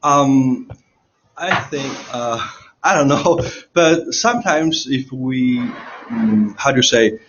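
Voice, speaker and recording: A man's voice: mid-range voice, slow pace, noisy background. A man from China with a Chinese accent, a student answering on an online call, hesitating with many fillers as he searches for words. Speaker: English student. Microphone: computer mic on an online class. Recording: dull lo-fi online call audio.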